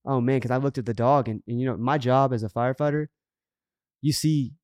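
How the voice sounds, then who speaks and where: A middle-aged man tells a story on a podcast at a brisk clip, earnest and animated, acting out what people said. His voice sits at a middle pitch. It is recorded dry, with no room sound. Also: dry recording. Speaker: podcast co-host. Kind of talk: casual storytelling chat.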